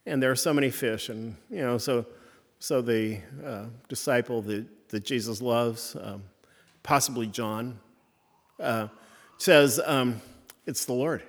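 Halting preacher in a reverberant hall. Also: male voice, mid-range voice. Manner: halting, conversational, many restarts. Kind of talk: sermon.

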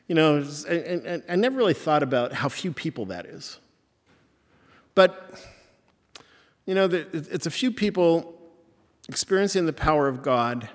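A man preaching a sermon in a halting, searching way, with many restarts and fillers. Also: medium pitch. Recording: long hall reverb.

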